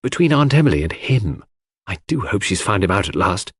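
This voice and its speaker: A man's voice: a little fast, slightly rough, no echo, clean studio sound, heavily acted. A man voicing a gossipy, eager young woman in a storybook reading. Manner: high, lively and chattering.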